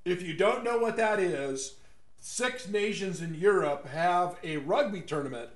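Animated yet unhurried, a West Texan with a fairly high voice rambles casually about his opinions. He mocks his targets, laughs at his own jokes, and his voice resonates through an echoey room.

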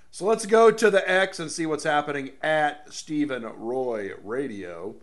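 A man's voice: on the high side, a little slow, fairly bright tone. A man hosting his own political rant show from his home studio, rambling and sarcastic in a monologue.

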